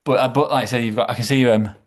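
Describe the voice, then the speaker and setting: A man's voice: medium pitch, steady tone. A man chatting casually as a podcast guest, stumbling over his words and repeating himself as he goes. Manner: halting, repeats words, trails off.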